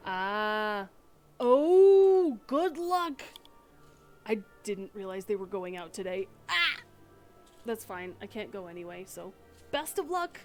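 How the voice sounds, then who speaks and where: Chatty gamer girl rambling while she plays, mid pitch, faint music. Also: animated, normal speed, a bit bright. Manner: chatty, rambling, self-deprecating. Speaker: streamer. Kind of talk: casual gameplay chat.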